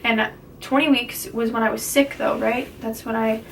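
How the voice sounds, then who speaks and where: A chatty young woman talks through a casual vlog update in a fairly high voice, rambling with fillers and breaking into giggles. The mic sits a little away from her, with faint noise behind. She keeps a loose, friendly tone. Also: fairly even intonation, normal speed, gravelly, distant mic, rough recording. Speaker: vlogger sharing a pregnancy update. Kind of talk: casual chat.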